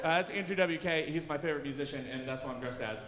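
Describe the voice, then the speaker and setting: A young man doing stand-up comedy at a live event, telling self-deprecating stories with sudden shouts. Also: a little high, fast talker, noisy background. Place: large hall, live event. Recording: long hall reverb from a live venue.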